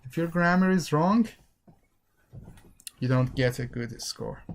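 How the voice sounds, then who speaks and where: A man's voice: on the high side, slow pace, a little hiss or hum. A man teaching an exam-prep English lesson online, explaining patiently and demonstrating phrases by repeating them with different intonation, with a Persian accent.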